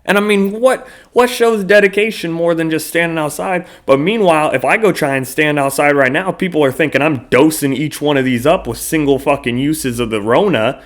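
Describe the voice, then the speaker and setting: A man's voice: fairly high pitch, a little fast, few pauses. A man hosting his own podcast in a casual solo monologue, rambling loosely with lots of fillers and frequent swearing. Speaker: podcast host.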